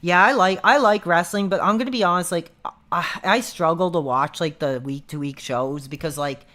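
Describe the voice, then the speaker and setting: A man's voice: fairly high pitch, moderate pace, sharp tone. A man chatting casually on a live stream, rambling with lots of fillers and restarts.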